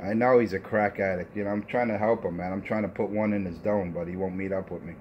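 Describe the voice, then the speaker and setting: Taunting man with a low voice. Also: steady tone, fast, dull audio, background noise. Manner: taunting, repetitive, profane. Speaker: CB radio talker. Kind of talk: trash talk over CB radio.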